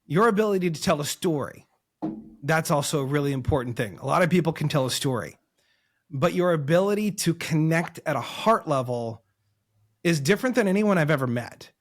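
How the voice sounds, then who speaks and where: A man's voice: on the high side, expressive, fairly quick. A man hosting an interview. He asks questions with admiration and searches for words as he talks. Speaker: podcast host.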